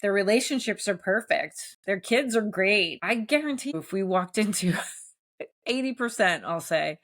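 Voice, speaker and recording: A woman hosting a solo podcast, talking candidly and gently encouraging listeners, with frequent restarts and soft laughs. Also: mid-range voice, lively intonation, a little slow. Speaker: podcast host. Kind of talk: solo reflective podcast talk.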